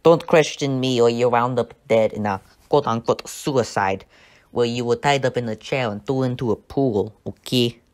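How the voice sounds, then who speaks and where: Man, comedy streamer, deadpan mock-dictator parody voice. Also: medium pitch, moderate pace. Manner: mock Russian dictator bluster, deadpan jokes.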